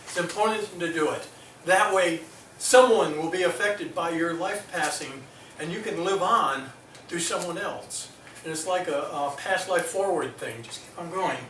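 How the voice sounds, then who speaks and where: A man's voice: high voice, moderate pace, fairly bright tone, slight background noise. A middle-aged man giving an earnest talk to an audience in a hospital meeting room, stumbling over fillers now and then. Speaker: liver transplant recipient giving a talk. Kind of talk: presentation to an audience. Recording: echoey room, mic from a distance.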